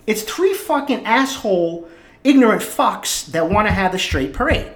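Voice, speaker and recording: A man's voice: very high voice, sing-song, fairly quick, reverberant. A man with a Boston accent hosting a solo podcast, ranting in a heated, profane, emphatic way. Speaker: podcast host.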